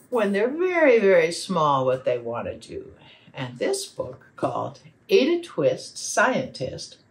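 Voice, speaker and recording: A woman facilitating a children's program, reading poems and a picture book aloud with expressive delivery. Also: low-pitched. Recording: roomy sound from a distant mic.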